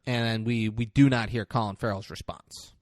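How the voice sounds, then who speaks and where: A man's voice: lowish voice, normal speed, dry recording, studio quality. A man co-hosting a podcast, casually recapping a film and acting out its lines with lots of swearing. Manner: animated retelling, acting out lines with profanity. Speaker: podcast co-host. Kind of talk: casual movie recap chat.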